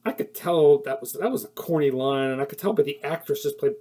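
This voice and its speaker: Man, casual film review, rambling, full of fillers and restarts, mellow tone, slightly high voice. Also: a little fast, a little hiss or hum. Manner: rambling, with many fillers and self-corrections; laughs at his own points, gets heated when annoyed.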